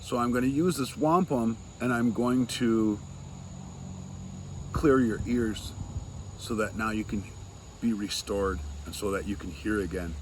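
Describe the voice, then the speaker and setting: A man telling a traditional story slowly, with long pauses, voicing the dialogue of its characters himself. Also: on the low side, darkish tone, slight background noise, poor audio. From Seneca territory. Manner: slow, pausing, retells dialogue in quotes. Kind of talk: oral storytelling.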